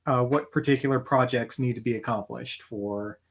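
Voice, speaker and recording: A man co-hosts a podcast in casual chat. He speaks in a dry, deadpan, measured manner. His pitch sits around the middle for a man. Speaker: podcast co-host.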